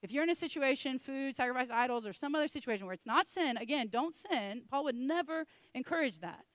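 A woman preaching a sermon with energy, voicing the people she quotes as she goes. Her voice sits a little high, and the sound is dry and close, with almost no room around it. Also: fairly quick, no room sound. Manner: animated, acts out quoted voices.

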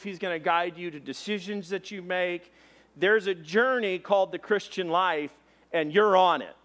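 A man in his thirties delivers a sermon with a notably high voice. He tells stories in an animated way, often jumping louder when he acts out exclamations. The pacing is conversational and full of fillers. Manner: animated storyteller, raises voice for quoted exclamations. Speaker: pastor. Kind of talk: sermon storytelling.

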